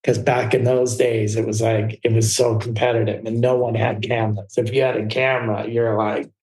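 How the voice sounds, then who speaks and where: A man guest in an interview, telling a personal story in fast, tumbling anecdotes full of restarts. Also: fairly low pitch, little pitch movement, a little mellow. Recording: roomy echo.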